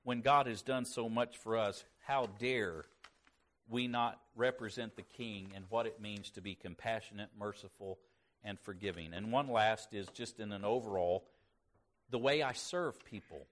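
A man preaching a sermon to his congregation, pushing up for emphasis and dropping quiet at the ends of phrases. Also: on the low side, a little slow. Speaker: pastor.

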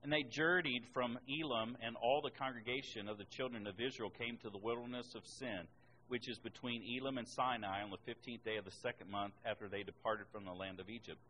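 A man preaching a sermon at a middle pitch, reading scripture aloud between his own points. He presses hard on key words, lifting his voice high and loud before dropping back. A faint hiss sits under the recording. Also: fairly even intonation, a little fast, poor audio. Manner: emphatic, rises in pitch and volume on key words.

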